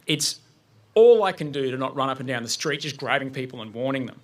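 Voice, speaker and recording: A man's voice: medium pitch, lively intonation, a little fast. A man speaking to an audience, telling a personal story vividly and acting out his own panic. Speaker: guest speaker. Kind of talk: personal story told on stage.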